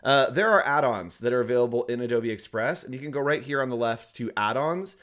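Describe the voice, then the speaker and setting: A man co-hosting a software tutorial livestream, chatting casually and rambling as he talks to the viewers. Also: medium pitch, a little fast. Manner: chatty, rambling, addresses the chat.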